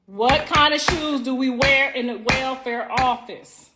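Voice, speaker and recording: A woman's voice: high voice, a little slow, over loud music. A middle-aged woman hosting a casual livestream from home on her phone, brash, profane and teasing, talking straight to her viewers and drawing out words for emphasis. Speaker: livestream host.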